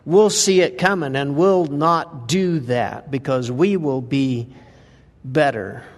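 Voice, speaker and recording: Preaching slowly in a medium-pitched voice, a man gives a conversational sermon from a church sanctuary. He reads passages of scripture and poses many rhetorical questions, and the room's reverb is clearly audible.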